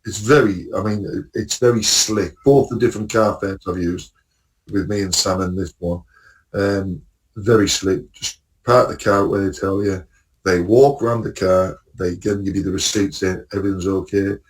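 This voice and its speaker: A man with a fairly low voice chats casually on a podcast, telling a long travel story. He rambles, restarts and laughs at his own jokes. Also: fairly even intonation, normal speed, far from the mic. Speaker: podcast co-host. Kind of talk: casual chat, travel anecdotes.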